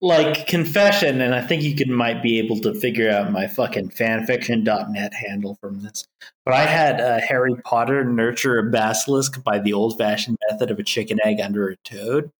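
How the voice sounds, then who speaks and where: A man's voice: mid-range voice, moderate pace. A slightly tipsy man co-hosts a podcast in loose, casual chat. He rambles and swears freely, with a mid-range voice. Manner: rambling, profane, laughs often. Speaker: podcast co-host.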